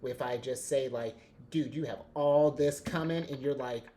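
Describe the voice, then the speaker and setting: A man giving a casual tarot reading, excitable and rambling, often restarting his sentences and laughing. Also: medium pitch, moderate pace. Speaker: tarot reader.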